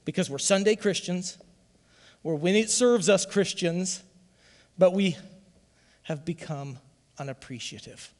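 A man preaching a sermon to his church as its pastor, fervent, often swelling into loud calls for the congregation to join in. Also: high voice, expressive, unhurried, long pauses, long reverb tail.

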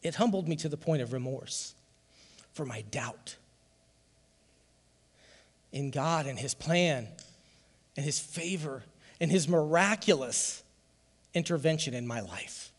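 A male pastor gives a heartfelt testimony from the pulpit, his somewhat high voice swelling into loud emphasis. The sound carries a long reverb from the church hall. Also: expressive, slow pace, long pauses. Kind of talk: sermon.

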